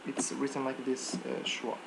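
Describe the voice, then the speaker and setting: A man's voice: mid-range voice, completely flat delivery, measured pace, creaky, very noisy. A man teaching a live online English lesson, checking students' answers by name and modeling pronunciation.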